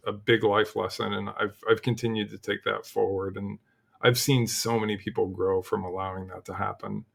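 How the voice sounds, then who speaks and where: Gravelly, animated middle-aged man. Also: fairly low pitch. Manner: animated storyteller, acts out quotes, frequent "like" and restarts. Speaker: podcast guest, cybersecurity leader. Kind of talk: casual interview chat.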